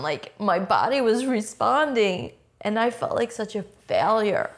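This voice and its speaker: A woman's voice: mid-range voice, expressive, a little slow, few pauses. A middle-aged woman in an interview, telling a painful personal story in a raw, blunt way, swearing often and speaking with intensity.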